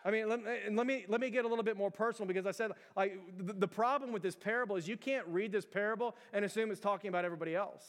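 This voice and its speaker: A high-voiced man delivers a sermon, talking casually with lots of fillers and firing rhetorical questions at the congregation. His voice rings out with a long reverb, as in a large hall. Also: racing, few pauses. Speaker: pastor.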